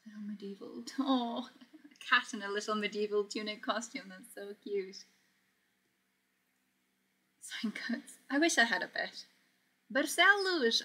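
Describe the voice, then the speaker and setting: A young woman from Portugal hosts a casual sewing livestream in a fairly high, bright voice with a forceful tone. She chats easily as she works, reading comments aloud and laughing often.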